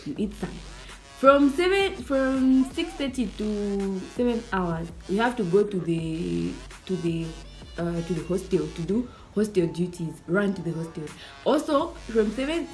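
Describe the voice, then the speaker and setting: A young woman with a Zambian accent telling a casual storytime, animated, acting out the people she quotes between chatty fillers. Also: on the low side. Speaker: YouTuber.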